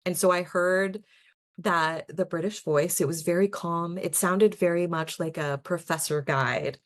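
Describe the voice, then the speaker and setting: A young woman with a low voice talks through her own experiences in a casual podcast chat. She sounds earnest and chatty, laughs easily, and often breaks off to restart a sentence. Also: steady tone, unhurried. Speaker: podcast host. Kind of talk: casual personal storytelling.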